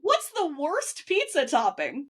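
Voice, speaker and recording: A woman hosting a podcast, asking playful, teasing quick-fire questions. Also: high voice, huge pitch swings, a bit bright. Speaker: podcast host.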